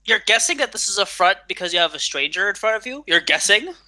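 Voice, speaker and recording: Guy gm with a super bright voice, laid back, chuckles while narrating. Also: sits high, very animated, fast. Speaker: game master. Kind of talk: narrating a tabletop game.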